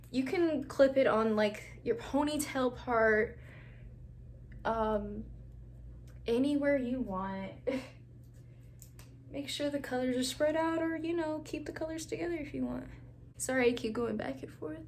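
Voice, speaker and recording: A young woman with a high, slightly mellow voice chats casually through a braid-styling tutorial at home, with a little background noise. She talks straight to viewers, calling them "girl" and "y'all," laughs often, and drops to a near whisper while twisting hair.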